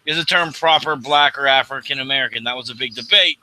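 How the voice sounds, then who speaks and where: Blunt, swearing man with a bright voice. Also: medium pitch, fast talker, low-quality recording. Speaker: podcast co-host. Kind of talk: casual chat.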